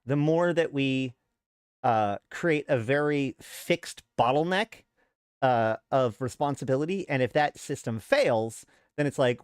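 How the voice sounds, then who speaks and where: In a smooth, mid-range voice and at a slightly slow pace, a man hosting his show vents a frustrated story to a live audience in a casual rant. He animatedly acts out other people's replies, captured in studio quality with no room sound.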